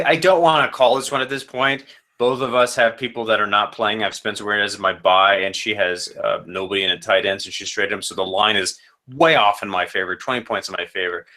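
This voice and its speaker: A man's voice: fairly low pitch, sharp tone. A man who runs a fantasy football league, casually rambling through matchup predictions with self-corrections and joking asides.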